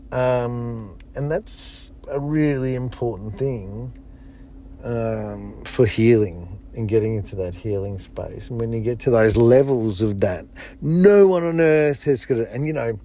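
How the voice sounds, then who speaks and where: A man talking alone on his podcast in a rambling, heavily profane way, his voice jumping up when he retells stories. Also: slight background noise. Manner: excitable, pitch jumps up in retold stories. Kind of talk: casual solo podcast monologue.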